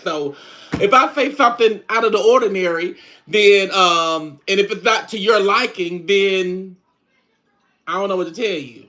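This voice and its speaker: A man's voice: high-pitched, bright, forceful tone. A man playing a sassy middle-aged country woman, chatting in country slang on a live stream. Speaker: livestream host. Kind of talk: casual live-stream chat.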